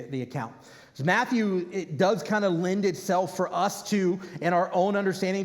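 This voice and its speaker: A man, a rabbi, preaching a casual, conversational sermon with animated bursts to his congregation. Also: a little high. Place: congregation hall. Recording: reverberant hall.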